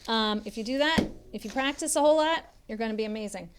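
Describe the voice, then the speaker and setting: A woman, a literacy tutor, reading a children's picture book aloud with expressive storybook delivery and chatty asides to young listeners. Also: a little high, fast talker, noisy background.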